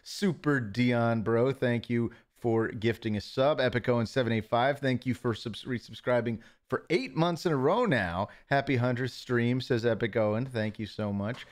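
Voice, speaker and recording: A man's voice: medium pitch, moderate pace, hardly any pauses. Stammering man thanking his stream chat. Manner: stammering, self-deprecating, reads chat messages aloud. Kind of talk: casual live-stream chat. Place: home office.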